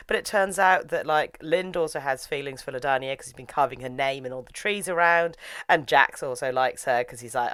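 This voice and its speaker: A woman's voice: low voice, animated, normal speed, a bit bright, smooth, no echo. Chatty woman recapping a story. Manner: chatty, filler-heavy retelling with lots of "like". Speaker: anime reviewer. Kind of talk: casual recap of an anime episode.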